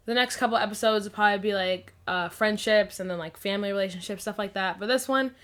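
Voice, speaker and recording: A woman's voice: mid-range voice, quick pace, fairly bright tone. A woman hosting a podcast, chatting casually with a friend and laughing often. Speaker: podcast host. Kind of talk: casual chat.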